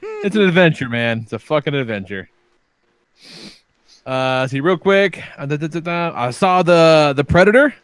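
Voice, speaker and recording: Animated, profane dad on a podcast. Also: male voice, fairly high pitch, normal speed, clean tone. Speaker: podcast host; father. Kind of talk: casual chat.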